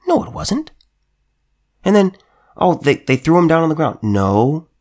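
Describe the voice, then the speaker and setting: A man's voice: a little high, very animated, normal speed, darkish tone. Heated man with stumbling restarts. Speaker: political commentator. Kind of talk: emphatic monologue commentary.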